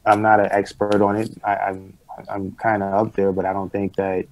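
A man's voice: lowish voice, completely flat delivery, moderate pace, darkish tone, low-quality recording. A man appearing as a guest in a casual video-call conversation, talking bluntly and emphatically, with plenty of swearing. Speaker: podcast guest.

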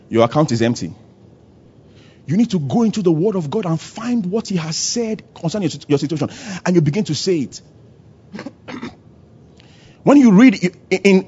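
A male pastor preaching with a high, husky voice that leaps all over the place as he acts out scenes. He moves between loud bursts and quiet asides. The church recording sounds dull and lo-fi. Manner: animated preaching, acts out dialogue, shifting loud and soft. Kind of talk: sermon. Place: church service.

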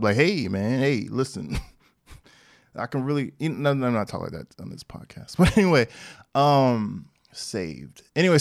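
A man talks through his own podcast, recounting what he saw in a loose, slangy manner with plenty of asides. His voice sits in a middle pitch, and the sound is dry and close with little room around it. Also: dry recording. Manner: animated storytelling with slang and asides. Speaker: podcast host. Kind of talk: casual monologue.

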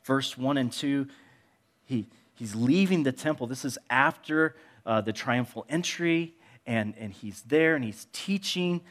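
A middle-aged male pastor preaching a sermon in a conversational, animated way, with frequent restarts. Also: medium pitch, measured pace.

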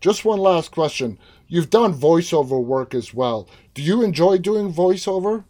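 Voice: mid-range voice, expressive, a little slow, dark tone. A host running an interview, giving brief upbeat affirmations and wrapping up the show. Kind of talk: interview hosting.

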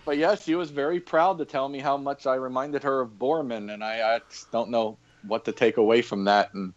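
Brisk and steady, this medium-pitched man's voice carries slight background noise on dull, lo-fi remote audio. He is a podcast guest, formerly an EMT and historic fort coordinator, casually rambling through job anecdotes with frequent laughs and fillers.

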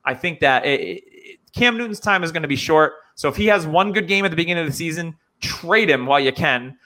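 A man's voice: a little high, expressive, quick pace, pushed and bright. A man from New Hampshire hosting a casual podcast, chatty and upbeat. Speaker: podcast host.

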